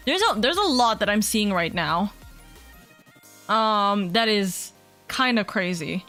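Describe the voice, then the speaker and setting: A woman streaming from home as a VTuber, chatting casually in a rambling, excitable way and swearing freely. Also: medium pitch, slow pace, soft background music. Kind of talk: casual livestream chat.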